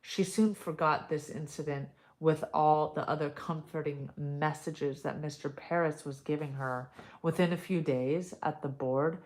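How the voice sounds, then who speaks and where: Slow, low-pitched woman, storytime reader who stops for casual asides. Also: fairly even intonation, darkish tone. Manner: reads slowly, breaks off into chatty asides. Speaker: storyteller reading a family story aloud.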